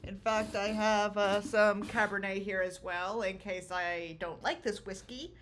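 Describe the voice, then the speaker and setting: A woman's voice: mid-range voice, steady tone, unhurried, a bit bright, slight background noise. A woman streamer chatting casually with her viewers from home, giggling often and rambling. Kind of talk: casual livestream chat. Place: small home room.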